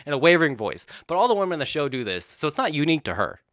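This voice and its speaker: Giggly male narrator for a parody read, lively pitch, bright sarcastic delivery. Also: rapid-fire, dry recording, clean studio sound. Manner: giggly, frequently laughing mid-sentence, sarcastic asides. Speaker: narrator of a comedic parody script. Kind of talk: casual comedic narration.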